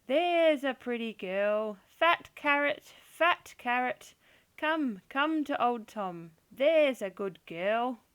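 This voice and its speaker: A woman voicing an old male farmer who croons slowly and coaxingly to his cow in a storybook read-aloud. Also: a little high, expressive, fairly bright tone, clear, resonant tone. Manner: slow sing-song coaxing.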